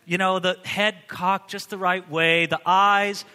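A man preaching a sermon in a church, animated, moving from booming lines to hushed ones and acting out the people he quotes. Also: unhurried, big-room sound. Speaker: pastor.

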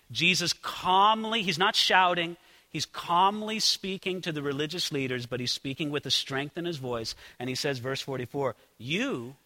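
Animated high-voiced male preacher. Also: long reverb tail. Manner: animated, conversational preaching with asides to listeners. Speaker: pastor. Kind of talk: sermon.

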